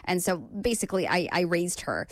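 A young woman hosting a radio show, chatting warmly and upbeat with frequent filler words as she reads listener messages. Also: lowish voice, expressive, normal speed, dry recording. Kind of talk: casual chat reading listener messages.

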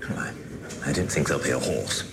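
An actor playing a stiff, formal British official in colonial India who speaks with an upper-class British accent. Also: male voice, a bass voice, animated, a little fast, creaky, noisy background, full character voice. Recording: film clip with long reverb and faint ambience.

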